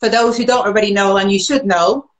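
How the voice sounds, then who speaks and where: A woman's voice: medium pitch, steady tone, fast talker. A woman hosting a live online interview, encouraging her guest with frequent backchannel. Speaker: host. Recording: echoey room.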